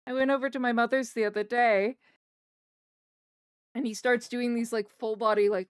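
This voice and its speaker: A woman's voice: on the high side, steady tone, moderate pace, clean tone, no echo, studio quality. A woman streamer chatting casually from her desk at home while she draws, rambling and talking to her pets. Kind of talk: casual livestream chat while drawing. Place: home desk in a wheeled chair.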